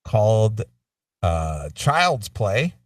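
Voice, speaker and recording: A man's voice: on the low side, sing-song, extremely slow, no echo, distant mic. A man hosting a casual radio show, laughing easily and introducing callers and songs. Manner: laughing easily, takes calls.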